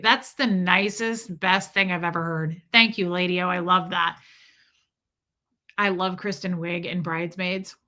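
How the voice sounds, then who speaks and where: A woman's voice: mid-range voice, takes it slowly, pushed and bright. A woman hosting a casual livestream, rambling through a story and greeting viewers by name mid-sentence. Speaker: livestream host.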